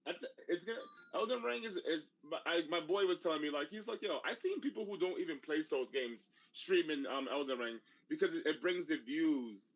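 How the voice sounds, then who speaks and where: A man's voice: fairly high pitch, animated, a little fast, few pauses, poor audio. A man co-hosting a podcast in a casual chat, ranting in a heated, fired-up way. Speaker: podcast co-host.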